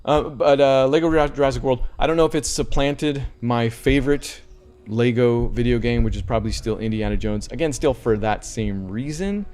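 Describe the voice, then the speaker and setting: A man's voice: mid-range voice, moderate pace, darkish tone. A man hosting a casual video game podcast, rambling and often correcting himself as he talks. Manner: rambling, self-correcting, conversational. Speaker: podcast host reviewing video games. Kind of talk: casual chat.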